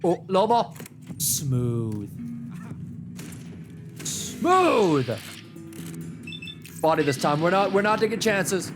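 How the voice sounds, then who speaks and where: A man's voice: a little fast, hardly any pauses, music in the background. A man streaming a game live, talking through it with joking trash talk. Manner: animated, joking trash talk at enemies, big pitch swings. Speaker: gaming streamer. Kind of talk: live gameplay commentary.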